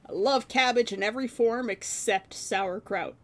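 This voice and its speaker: A woman in her thirties chatting casually with her stream viewers, animated and laughing often. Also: on the high side, moderate pace.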